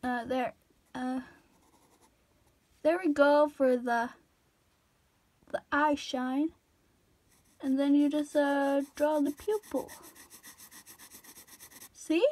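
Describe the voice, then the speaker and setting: A woman's voice: high voice, steady tone, very slow, long pauses, darkish tone. A woman chatting casually while she draws, rambling off-topic, apologizing and cutting herself off. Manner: rambling, self-interrupting, apologetic. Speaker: drawing tutorial vlogger.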